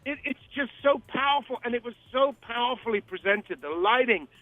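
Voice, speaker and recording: A man's voice: very high voice, lively intonation, brisk, no echo. A man calling in as a guest on a radio interview, talking emphatically, rambling and repeating himself. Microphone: telephone. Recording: tinny phone line, dry.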